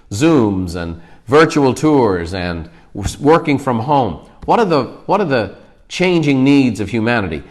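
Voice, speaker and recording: A man leading his company, giving an emphatic motivational talk on a livestream and punctuating his points with "okay?". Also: on the low side.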